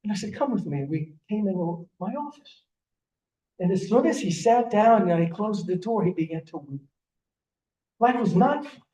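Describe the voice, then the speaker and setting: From a distance, in a reverberant synagogue sanctuary, comes the high, mellow voice of an older rabbi giving a sermon. He tells stories earnestly and often starts his sentences over.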